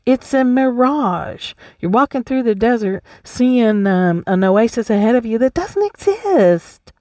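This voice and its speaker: A woman's voice: a little high, lively intonation, measured pace, dark tone, dry recording, studio quality. A woman hosting a solo podcast, talking bluntly and emphatically, swearing freely and laughing often. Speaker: podcast host. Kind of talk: casual solo podcast talk.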